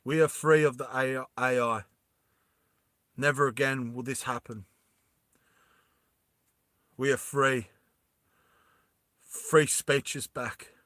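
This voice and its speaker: A man's voice: medium pitch, steady tone, slow pace, pauses often, a bit bright, dry recording, clean studio sound, voice pushed down. A man voicing news anchors proclaiming victory in a declaiming tone. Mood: triumphant. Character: triumphant news anchors announcing freedom.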